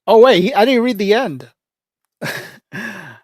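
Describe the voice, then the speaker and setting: A man's voice: high-pitched, expressive, takes it slowly, long pauses, a little mellow, dry recording. Joking, rambling streamer man, dry sound. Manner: rambling, joking, laughs often, says "bro". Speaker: livestreamer. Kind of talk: casual livestream chat.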